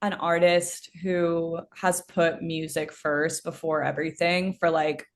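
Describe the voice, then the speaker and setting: A woman's voice: deep voice, level tone, measured pace. A young woman from Texas, a singer-songwriter guest, chatting casually on a podcast with lots of fillers and self-deprecating asides.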